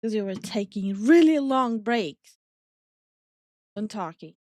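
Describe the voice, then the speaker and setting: A woman's voice: mid-range voice, expressive, takes it slowly, a little mellow, dry recording, studio quality. A woman from Estonia co-hosting a casual stream chat, talking bluntly and swearing freely. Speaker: VTuber streamer and co-host.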